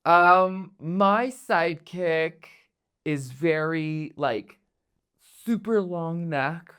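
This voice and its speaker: A man's voice: on the high side, very slow, fairly bright tone, clear, resonant tone. A man playing a tabletop game, rambling casually with many fillers and restarts. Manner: rambling, filler-heavy, giggly. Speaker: player.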